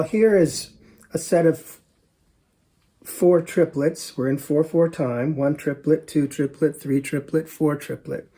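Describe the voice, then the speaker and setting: A fairly high, mellow man's voice, a drum teacher in his fifties talking through rhythm exercises and counting them in. He sounds relaxed and methodical. His voice rings in an echoey studio room. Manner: relaxed, explains step by step with counting. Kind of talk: instructional demonstration.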